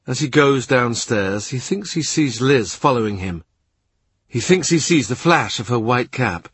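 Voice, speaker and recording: A man narrating a literary audiobook in a measured, quiet way. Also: mid-range voice, animated, breathy edge, dry recording. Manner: measured, quiet, present-tense reading.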